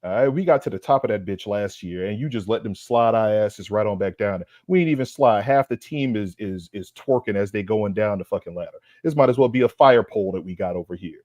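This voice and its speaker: A man's voice: fairly low pitch, a little fast, hardly any pauses, darkish tone, no room sound, studio quality. Man on a profane, fired-up sports rant. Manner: profane, fired-up, repeats himself for emphasis; streetwise slang. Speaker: podcast co-host. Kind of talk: heated sports roast rant.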